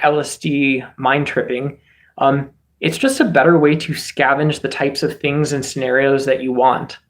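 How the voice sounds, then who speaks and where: A man from the United States rambles through casual political commentary, restarting his thoughts and piling on "um" and "like." His voice is fairly high for a man, and he keeps a loose, conversational flow as he answers his chat. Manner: rambling, many fillers and restarts. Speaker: streamer host.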